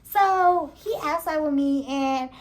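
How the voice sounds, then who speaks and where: A young woman vlogger telling a casual, animated storytime, laughing and slangy as she goes. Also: high-pitched, slow. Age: young adult.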